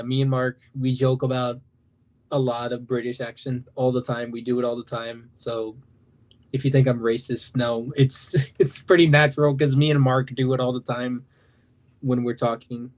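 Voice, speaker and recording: A man's voice: mid-range voice, a little mellow. A young man in his late teens, an animation creator, rambling casually on a livestream. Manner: rambling, loose, self-interrupting.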